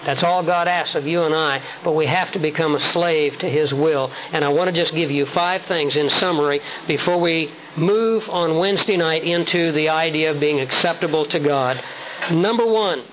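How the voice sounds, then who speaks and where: High-voiced preacher guy, slow emphatic sermon, dull lo-fi recording with a little hiss. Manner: measured, emphatic preaching with slow stressed words. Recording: dull lo-fi sound with faint noise.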